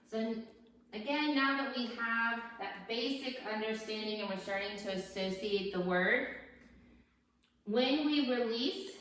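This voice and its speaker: A woman dog trainer running a training session, calmly explaining steps and praising her dogs in bright, high-pitched bursts. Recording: echoey room, mic at a distance.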